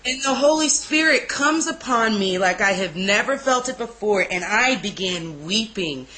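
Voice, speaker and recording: Candid bright-voiced woman telling her story. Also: mid-range voice, lively intonation, moderate pace, low-quality recording. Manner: candid, emotional, blunt. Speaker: interviewee. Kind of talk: casual personal storytelling.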